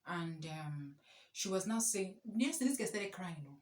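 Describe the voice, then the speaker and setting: A woman's voice: on the low side, moderate pace. Young woman, echoey room. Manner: animated, exclamatory storytelling with laughs. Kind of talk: casual storytime.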